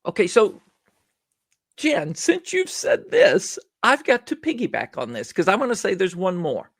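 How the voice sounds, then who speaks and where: A man speaking as a podcast guest, telling stories in an animated way and acting out little bits of dialogue. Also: high voice, measured pace, no room sound, studio quality. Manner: animated storyteller who acts out little dialogues. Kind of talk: conversational podcast interview.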